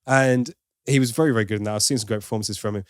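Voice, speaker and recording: A man's voice: medium pitch, racing, dry recording, studio quality. A man hosting a film review podcast, giving opinionated, wry critique in casual chat with plenty of asides.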